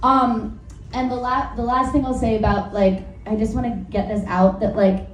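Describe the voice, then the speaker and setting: A woman's voice: on the high side, flat delivery, moderate pace. Rambling woman comic, distant roomy recording. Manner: rambling, self-interrupting, laughs at own jokes; frank, crude, filler-heavy. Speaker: stand-up comedian. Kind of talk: stand-up set, work in progress. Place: live comedy venue with audience. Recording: roomy, distant live recording with faint noise.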